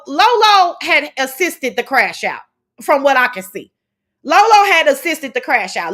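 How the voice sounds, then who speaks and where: A woman hosting a casual commentary livestream, telling stories in a sassy, profane, animated way. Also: high voice. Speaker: commentary host.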